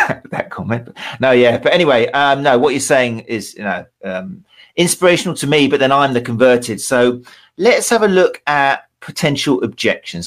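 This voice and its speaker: A middle-aged man hosting a podcast interview, chatty and quick to laugh. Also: medium pitch, fairly bright tone. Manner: chatty, laughs easily, drawn-out phrasing. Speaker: podcast host.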